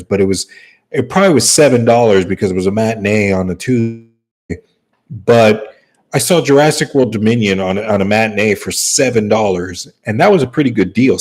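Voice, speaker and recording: Male streamer, casual off-the-cuff rambling, keeps circling back, average pitch. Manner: rambling, repeats and restarts phrases. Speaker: livestreamer. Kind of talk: rambling casual livestream chat.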